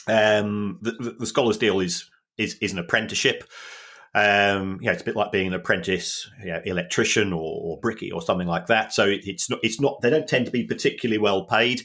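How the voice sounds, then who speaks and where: A man with a South London accent, co-hosting a podcast and explaining football finance in a halting way, often repeating words. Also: lowish voice, fairly bright tone. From South East London. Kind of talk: casual explanatory chat.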